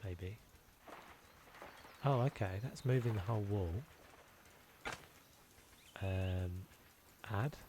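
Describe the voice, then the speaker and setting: A man's voice: on the low side, slow, pauses often, noisy background. A man giving casual, self-deprecating commentary as he plays, thinking aloud and muttering to himself. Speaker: gameplay video creator.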